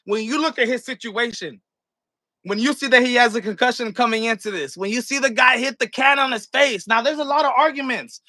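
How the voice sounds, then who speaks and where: A man's voice: very high-pitched, fairly quick, pushed and bright, no room sound. A man vlogging a casual, slangy commentary rant, swearing freely and talking straight to his viewers while acting out what happened. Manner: acts out scenes with props while talking.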